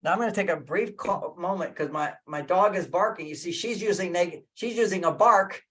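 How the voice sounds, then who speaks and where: Picture a man with a high, bright-sitting voice giving relationship advice over a video call. He is emphatic and drives points home by repeating key phrases. He slips into little acted-out lines of what a partner might say. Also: fairly quick. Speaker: relationship speaker. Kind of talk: lecturing guest speaker.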